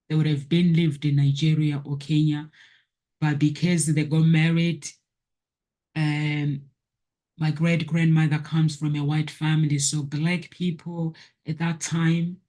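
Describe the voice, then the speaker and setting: Woman vlogger preaching to camera, husky voice, keeps repeating herself for emphasis. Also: low voice, a little mellow. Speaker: motivational vlogger. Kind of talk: personal testimony, preachy monologue.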